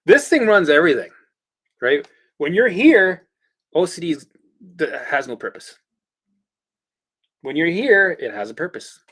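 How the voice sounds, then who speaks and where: A man hosting a casual livestream, coaching viewers through exercises in an animated, chatty way with the odd swear word. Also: fairly high pitch, a little slow, long pauses. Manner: guides listeners through exercises. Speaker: host and recovery coach.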